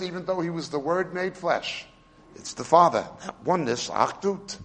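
Emphatic male preacher, somewhat high voice. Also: big-room sound. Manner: emphatic, explains Hebrew and Greek words; swings between loud stresses and quiet asides. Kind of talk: sermon.

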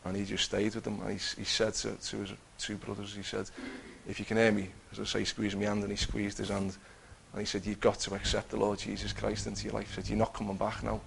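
A man's voice: lowish voice, completely flat delivery, quick pace, vocal fry, hardly any pauses, slight background noise. A man giving an earnest personal testimony, telling his story with many restarts. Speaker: testifying believer.

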